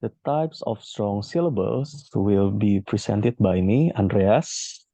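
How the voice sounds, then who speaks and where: A man's voice: lowish voice, lively intonation, takes it slowly, vocal fry, warm tone, no echo. A man presenting to a class, reading an ornate prepared text. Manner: reads flowery prepared text. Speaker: student presenter.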